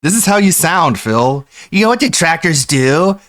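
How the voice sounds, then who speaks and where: A man's voice: a little high, big pitch swings, moderate pace, a bit bright, voice pushed up. A man putting on a whiny, nasal voice to mock another content creator, in sneering mock sincerity. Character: whiny nasal man mocking a rival streamer.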